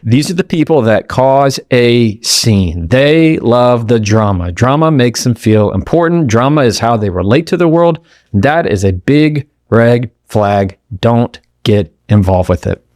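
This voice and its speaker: A man's voice: mid-range voice, expressive, a little mellow, no room sound, clean studio sound. Emphatic man hosting a motivational podcast. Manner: emphatic, speaks straight to the listener with rhetorical questions; acts out quoted people in quick asides. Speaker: podcast host.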